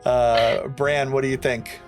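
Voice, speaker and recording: A man's voice: medium pitch, flat delivery, slow, faint music behind. A man running a tabletop game as game master, laid-back, laughing often and using many fillers.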